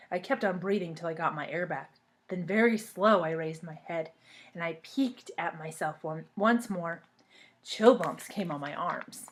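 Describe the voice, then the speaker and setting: A woman reading a children's storybook aloud in a lively, expressive way, then talking to the children she reads for. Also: on the low side, a little slow. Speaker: reader of a children's book.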